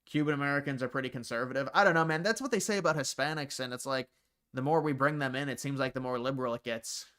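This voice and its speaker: Man, livestream host, casual rambling chat, answers viewer comments, smooth clear voice. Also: mid-range voice, fast talker, a bit bright.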